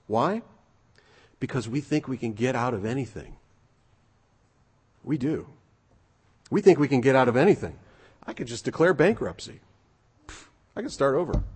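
A man preaching a sermon, emphatic and conversational, with a slightly husky voice. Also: mid-range voice, animated, normal speed, long pauses, a little mellow. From United States. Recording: long reverb of a large hall.

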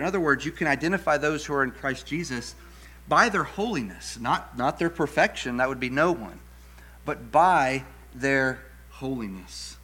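A middle-aged man delivers an earnest teaching sermon as a pastor, his tone bright and forceful. He often trips into restarts and repeated words, then leans heavily on the words he wants the listeners to hold onto. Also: medium pitch. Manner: leans hard on key words for emphasis.

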